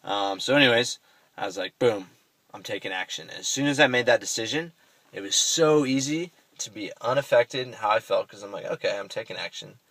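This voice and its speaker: A man's voice: on the low side, a little fast, fairly bright tone, dry recording, poor audio. A young man vlogging, telling a personal story in a rambling, self-correcting way and swearing casually.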